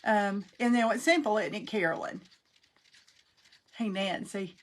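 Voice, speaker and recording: A woman's voice: medium pitch, measured pace. A middle-aged woman hosting a craft livestream, chatting folksily and greeting viewers by name as she works. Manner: folksy, talks to viewers by name while working.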